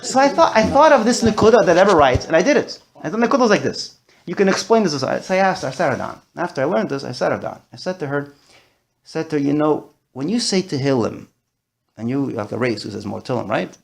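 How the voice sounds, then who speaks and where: A man's voice: on the high side, expressive, fast talker, vocal fry. A man teaching a discussion-style class, talking animatedly and mixing in Yiddish and Hebrew terms. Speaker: Torah teacher.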